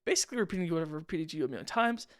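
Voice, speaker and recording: A man's voice: fairly high pitch, lively intonation, very fast, a bit bright. A young man giving casual, rambling commentary over his own game footage, slangy and self-deprecating. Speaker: gaming channel host.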